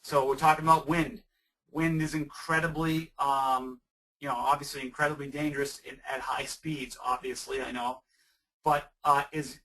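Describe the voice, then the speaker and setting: Bright-voiced man answering webinar questions. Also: a little high, recorded from a distance, poor audio. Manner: conversational and emphatic, frequent restarts. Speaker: webinar presenter and camp weather safety trainer.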